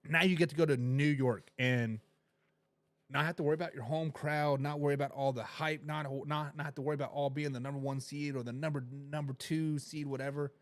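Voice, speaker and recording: A man hosting a sports talk show, his voice sitting high for a man as he rambles and swings between loud and quiet. He talks straight to his viewers. The sound is dry and close, with no room echo. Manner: addresses viewers directly. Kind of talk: casual sports talk with live chat.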